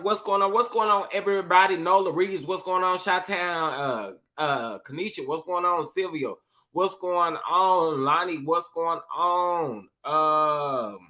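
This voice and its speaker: A young man with a drawl, a little tipsy from a cocktail, hosting a casual live stream. He sounds bright and forceful, sitting a touch high for a man, and he talks sassily, repeating his phrases over and over. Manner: sassy, drawling, repeats phrases, shouts out chat members. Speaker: livestream host.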